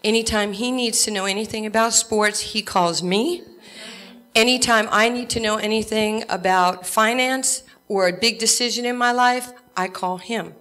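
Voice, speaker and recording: A woman with a New York accent tells lively stories and jokes as she accepts an award. Her voice is bright and ringing, pitched in a middle range for a woman. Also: normal speed. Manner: animated storytelling with jokes. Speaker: award recipient. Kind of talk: acceptance speech.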